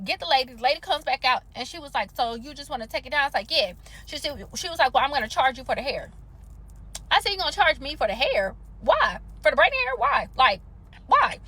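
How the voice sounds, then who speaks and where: A woman telling an animated, slangy, exasperated story about a salon visit, in a storytime vlog. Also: high voice.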